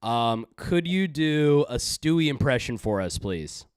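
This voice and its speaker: A man's voice: medium pitch, expressive, measured pace, clear, resonant tone, no echo, studio quality. A man hosting a stream, rambling with crude jokes and lots of fillers. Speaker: stream host. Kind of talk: casual stream banter.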